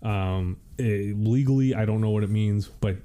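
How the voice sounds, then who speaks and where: Podcast co-host, male, low mellow voice, dry dark humor, animated storyteller. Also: moderate pace. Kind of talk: casual storytelling chat.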